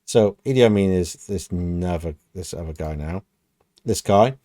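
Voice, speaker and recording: Deep-voiced British man musing aloud. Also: moderate pace, mellow, no room sound, studio quality. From United Kingdom. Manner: rambling, thinking aloud with many "you know"s. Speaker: reaction video host. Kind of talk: casual reaction commentary.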